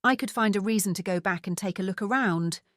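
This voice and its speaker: A woman's voice: medium pitch, fairly bright tone, dry recording, studio quality, natural voice. A woman doing a wry female investigator. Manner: wry, brisk.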